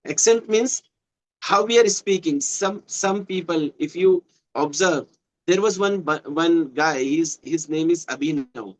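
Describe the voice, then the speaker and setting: An unhurried man with a voice on the high side practices casual conversation in Indian-accented English, Hindi being his native tongue and western Uttar Pradesh his home region. He explains with patience and frequently repeats words as he searches for what to say, though the audio quality is poor.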